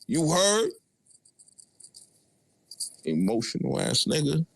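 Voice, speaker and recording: A man with a Brooklyn accent, taunting and profane as he mocks a rival on a live audio chat. His voice sits a little high for a man. The sound is dry and close. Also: very animated, measured pace, creaky, pauses often, a bit bright, no room sound. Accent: Brooklyn New York. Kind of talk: heated trash talk on a live audio chat.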